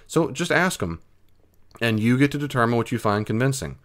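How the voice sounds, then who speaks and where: A man's voice: medium pitch, expressive, brisk. A man hosting his own podcast, answering listener questions in a folksy, earnest, conversational way. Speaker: podcast host.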